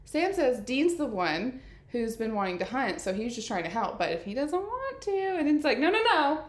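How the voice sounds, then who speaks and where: A woman's voice: on the high side, sing-song, moderate pace. A woman co-hosting a casual podcast, teasing and laughing often as she summarizes the episode. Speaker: podcast co-host. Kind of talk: casual recap chat. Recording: echoey room.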